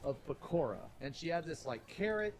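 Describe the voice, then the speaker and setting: A man streamer telling stories in casual live-stream chat, animated and swearing freely. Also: fairly high pitch, brisk.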